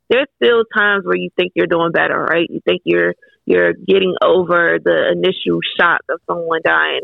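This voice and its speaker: A woman with a gravelly, creaky voice talks frankly and candidly as a podcast guest, dropping the odd curse. Her voice comes through a thin, phone-like line with a dry, close sound. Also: lowish voice, no room sound. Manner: candid, frank, swears casually. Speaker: guest author. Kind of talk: casual podcast chat.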